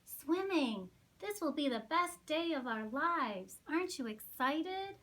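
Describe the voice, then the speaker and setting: A bubbly, squeaky little penguin girl, high-pitched and gushing with excitement, as a woman reading aloud puts her on. She chatters on eagerly in a storybook voice. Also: slow. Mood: excited.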